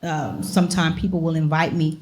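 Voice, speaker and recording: An older woman, a grandmother, sharing her story haltingly from the audience of a live talk show. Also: low-pitched, little pitch movement, darkish tone, slight background noise. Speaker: audience member. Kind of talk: personal sharing.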